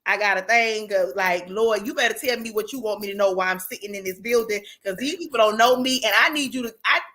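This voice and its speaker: Emotional woman host with a bright voice. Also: medium pitch, fast talker, rough recording. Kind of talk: casual talk-show chat.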